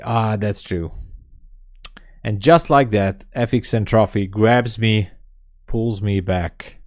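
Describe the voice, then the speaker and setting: A man hosting a live day trading stream, talking casually and reading chat messages aloud as he thinks out loud. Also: lowish voice, slow, long pauses. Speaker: day trading livestream host.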